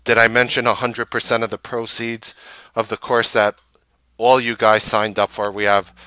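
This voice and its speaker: A man host recapping a trading day and pitching his course, emphatic and full of rhetorical questions. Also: level tone, moderate pace, bright, forceful tone, clean tone, no room sound.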